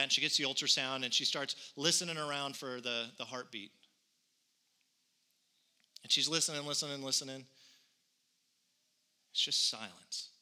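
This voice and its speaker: A man's voice: fairly high pitch, pushed and bright. A man in his thirties preaching a sermon, telling a personal story earnestly and building to conviction. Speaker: pastor.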